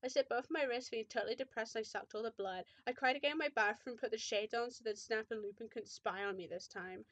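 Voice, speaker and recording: A woman's voice: fairly high pitch, quick pace, hardly any pauses, a bit bright. A woman giving a comedic dramatic reading of fan fiction, with sarcastic asides and frequent swearing. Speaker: channel host reading fan fiction aloud.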